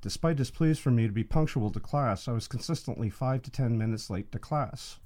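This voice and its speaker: Guy reading a dark story out loud, mellow soft voice, somber. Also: mid-range voice, a little fast, few pauses. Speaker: narrator. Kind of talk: first-person story reading.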